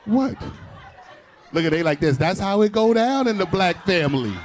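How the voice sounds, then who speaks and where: A man's voice: high voice, animated, moderate pace. A man doing crowd-work stand-up with a New York accent, teasing audience members and laughing between jokes. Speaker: stand-up comedian. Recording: live crowd in the room. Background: audience laughter and claps.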